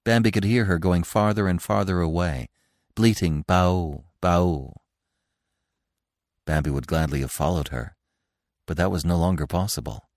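Man, storybook narrator, deep voice, lively expressive reading, dry close sound. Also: brisk, no room sound. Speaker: audiobook narrator.

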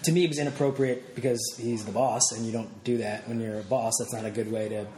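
A man's voice: medium pitch, steady tone, fast, dark tone, reverberant. A man guest in a casual interview, talking candidly with many fillers and restarts.

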